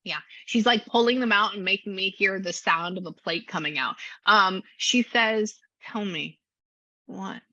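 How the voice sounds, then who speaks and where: A woman psychic giving a casual reading, chatty and quick to act out what people say in lively voices. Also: mid-range voice, no echo. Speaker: psychic medium and astrology reader. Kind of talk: casual one-on-one reading session. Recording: dull lo-fi sound.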